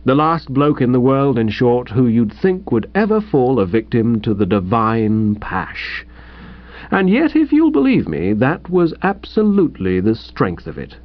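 A man's voice: medium pitch, wildly swooping pitch, measured pace, dry recording. A man reading a comic first-person story in a breezy, chatty way. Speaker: audiobook reader. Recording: dull dry recording.

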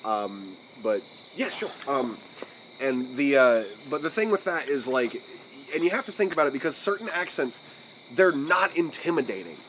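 An American man co-hosting a podcast, talking casually with frequent swearing and pausing to search for his words. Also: mid-range voice, big pitch swings, a bit bright, a little hiss or hum, low-quality recording. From United States. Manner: rambling, profane, searching for words. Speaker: podcast co-host.

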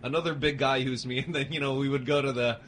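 Male radio co-host, bright tone, rambling self-corrections, frequent laughter. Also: mid-range voice, steady tone, quick pace, slight background noise. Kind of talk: casual joking chat.

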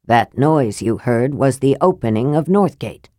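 A woman voicing a gruff, blunt male dwarf who states things flatly in an audiobook. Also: very deep voice, a little slow, no room sound, studio quality, voice pushed down. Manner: blunt, matter-of-fact.

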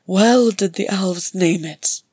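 Woman voicing a harsh raspy old dwarf man, loud and breathy, full of guilt; storybook reading. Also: mid-range voice, slow, no echo. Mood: bitter. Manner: anguished, loud, biting.

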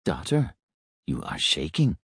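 A man voicing an old male robot who speaks gently and quietly, with a sad, measured manner. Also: sits low, big pitch swings, slightly rough, no echo, clean studio sound, heavily acted. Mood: gentle.

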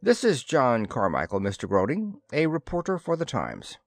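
A man's voice: medium pitch, huge pitch swings, moderate pace, no echo, clean studio sound. A man voicing an anxious, blustering male official who sputters defensively in a storybook reading. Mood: brisk.

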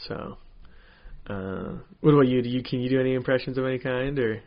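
A man's voice: mid-range voice, brisk, highs cut off. A man, a stand-up comedian, chatting casually and rambling with many fillers. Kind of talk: casual chat.

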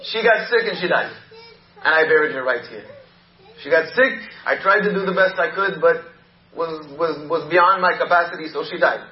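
A man's voice: a little high, normal speed, roomy sound, muffled recording, lightly acted. A man playing a gullible, devout male hermit who answers meekly and with hesitation.

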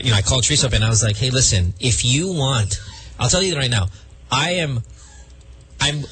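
A man's voice: mid-range voice, a bit bright. A man hosting a radio show, chatting casually and stumbling through restarts. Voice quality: husky, halting with many restarts.

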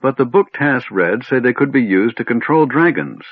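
A man reading an audiobook voices a gruff male dwarf who speaks bluntly, on a tinny phone-like recording. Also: mid-range voice, lively intonation, moderate pace, no echo, voice pushed up, close to an everyday voice. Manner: blunt, matter-of-fact. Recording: tinny phone-like band, dry.

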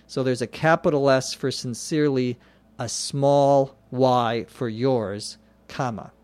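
A man teaching English vocabulary, explaining words slowly and spelling them out letter by letter. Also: mid-range voice, steady tone, a little mellow, dry recording. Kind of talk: slow explanatory lesson.

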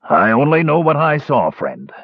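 Guy putting on a chatty dwarf traveler, voice pushed up high, dull dry recording. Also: wildly swooping pitch, normal speed, breathy edge, dry recording, full character voice. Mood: eager. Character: friendly gossipy male dwarf traveler.

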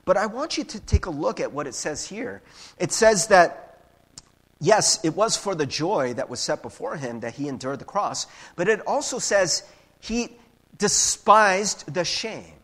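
A male pastor preaching a casual, conversational sermon. He keeps tagging his points with "right?" and sometimes acts out quick little voices. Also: slightly rough. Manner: casual, animated preaching with frequent "right?" tags; acts out voices with big pitch jumps.

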